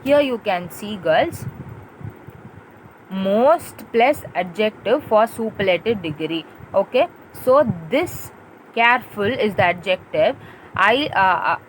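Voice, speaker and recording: A woman's voice: mid-range voice, slight background noise, rough recording. A woman teacher, patiently explaining a grammar lesson to a class of schoolgirls, spelling out letters and asking check-in questions. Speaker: English teacher.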